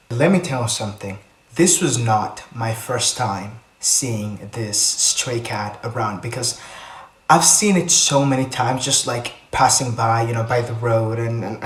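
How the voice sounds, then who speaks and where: A young man telling a story casually to his channel, rambling with many restarts and fillers. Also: medium pitch. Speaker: vlogger. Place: indoors at home. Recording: echoey room.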